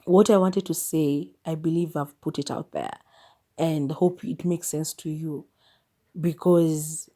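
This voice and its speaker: Mellow-voiced Kenyan woman musing aloud. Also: low voice, fairly even intonation, a little slow. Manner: opinionated, candid and musing. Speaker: podcast host. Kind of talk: solo podcast monologue.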